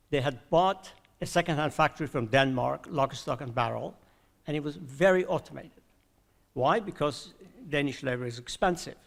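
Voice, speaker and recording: A man's voice: a little high, gravelly. An older man from Iran giving a conference talk, hesitant with many filler sounds and restarts. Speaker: conference discussant.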